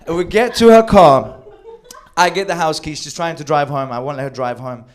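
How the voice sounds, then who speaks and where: Animated male storyteller, slightly high voice. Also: normal speed. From Sweden. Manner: animated, acts out quoted lines, swears freely. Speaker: storyteller on a comedy show. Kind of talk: live comedic storytelling.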